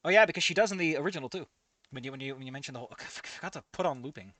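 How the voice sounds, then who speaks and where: A man's voice: on the high side, expressive, rapid-fire, a bit bright, no room sound. A man reading a fan story aloud and commenting on it, ranting and swearing with stammering restarts. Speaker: fan fiction reader and commentator.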